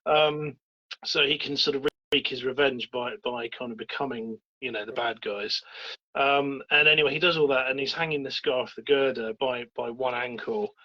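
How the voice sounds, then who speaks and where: Husky man chatting about films. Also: mid-range voice, fairly even intonation, pushed and bright, dull audio. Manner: rambling, halting, many fillers and restarts. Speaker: podcast co-host. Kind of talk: casual film chat.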